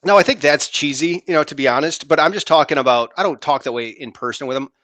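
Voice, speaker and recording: A man in sales co-hosting a podcast, talking in an animated, rambling way and acting out his phone calls. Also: on the high side, fast, no echo. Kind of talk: casual chat.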